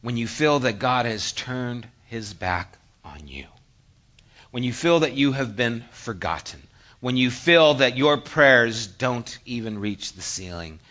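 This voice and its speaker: A man preaching a sermon, conversational and animated, moving between hushed reflection and emphatic asides. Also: mid-range voice, takes it slowly, highs cut off. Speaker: pastor.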